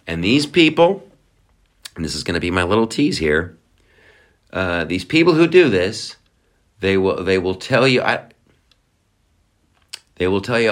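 A man's voice: sits low, fairly bright tone. A man hosting a podcast, ranting in a mocking, profane comedic commentary. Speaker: podcast host.

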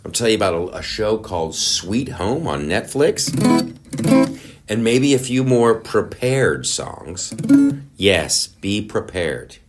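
A man's voice: on the low side, lively intonation, slow, over loud music. A male host rambling through a casual, sarcastic comedic monologue, with many restarts. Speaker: show host.

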